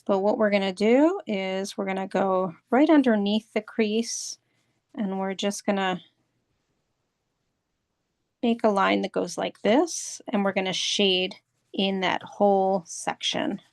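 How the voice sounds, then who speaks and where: Slow, patient woman teaching drawing. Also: medium pitch, steady tone, dry recording, clean studio sound. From United States. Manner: patient, repeats steps. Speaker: art instructor. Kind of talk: step-by-step drawing lesson.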